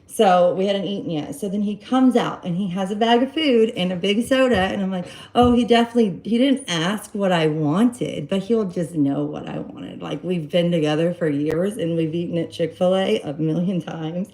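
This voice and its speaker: A woman casually telling a personal story to her live-stream viewers, rambling and animated, acting out quoted dialogue. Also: on the low side, normal speed, hardly any pauses, low-quality recording. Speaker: live-stream host giving relationship advice.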